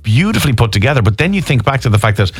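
A man's voice: mid-range voice, big pitch swings, rapid-fire, breathy edge, dry recording, faint music behind. A middle-aged Irish man interviewing a guest in a chatty, enthusiastic way. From Ireland. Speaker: journalist interviewer.

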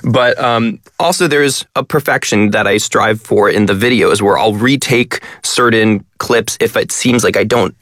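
A man talks fast as he explains ideas on a radio show. He leans on many words. His voice sits a bit low and sounds dry and close to the mic. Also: a bit bright, dry recording. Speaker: guest, language content creator. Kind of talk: radio interview.

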